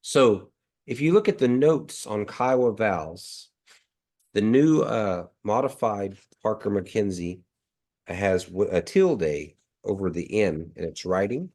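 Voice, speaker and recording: Deep-voiced man teaching on a video call. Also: lively intonation, darkish tone. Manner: patient, models sounds slowly and repeats them. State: nasal from allergies. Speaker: language teacher. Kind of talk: online language class.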